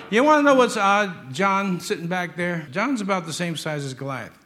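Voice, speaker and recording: Male preacher, somewhat high voice, emphatic, jokes, acts out the stories. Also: lively intonation, moderate pace, few pauses, bright, forceful tone. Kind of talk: sermon.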